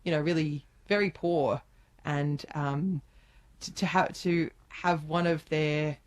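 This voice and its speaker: A woman with a low voice hosting a radio interview. She asks long, winding questions that loop back on themselves before she gets to the point. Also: steady tone, takes it slowly.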